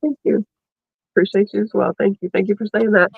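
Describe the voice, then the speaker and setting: A woman's voice: mid-range voice, steady tone, fairly quick, creaky, slightly rough, no room sound, phone-quality sound. A woman hosting a casual panel chat, emotional and teary, laughing between her words.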